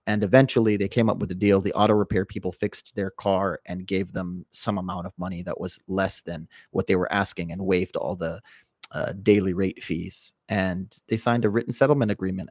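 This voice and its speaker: Man, low voice, dry close sound, relaxed rambling storyteller, livestream host. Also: no echo. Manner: calm, rambling anecdotal delivery with fillers. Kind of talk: casual storytelling to a live chat.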